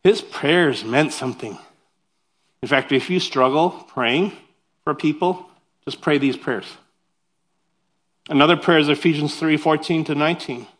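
Male pastor, higher register, animated conversational preacher who talks straight to the congregation. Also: a little slow, pauses often. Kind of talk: sermon.

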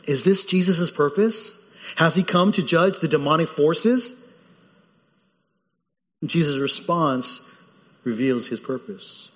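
A man preaching a sermon as the pastor, animated and lively, his voice jumping up when he quotes people in the story. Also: on the high side, long reverb tail.

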